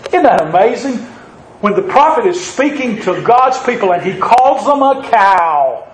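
A man preaching a sermon, reading scripture slowly and then asking the congregation questions with a joke or two. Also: sits high, very animated, echoey room, slight background noise, low-quality recording. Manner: reads scripture slowly, then jokes and asks the crowd questions.

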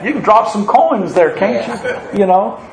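A man preaching a sermon, reading scripture slowly and then asking the congregation questions with a joke or two. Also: sits high, expressive, gravelly, roomy sound, noisy background. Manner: reads scripture slowly, then jokes and asks the crowd questions.

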